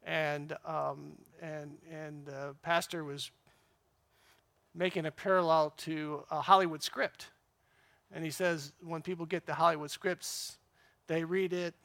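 A man's voice: a little high, fairly bright tone. A man giving an informal, rambling church talk to a men's group. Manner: conversational, rambling with fillers.

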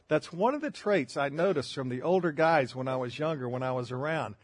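An older man preaches in a husky, slightly high voice, weaving folksy stories with self-deprecating jokes. The sound is dry and close, with no room around it. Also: animated, brisk, no echo. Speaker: pastor. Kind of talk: sermon.

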